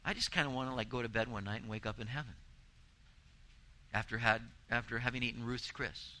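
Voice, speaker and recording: A man's voice: medium pitch, fairly quick, pushed and bright, slight background noise, low-quality recording. A man preaching a sermon, earnest and emphatic, building intensity with repeated phrases. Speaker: pastor.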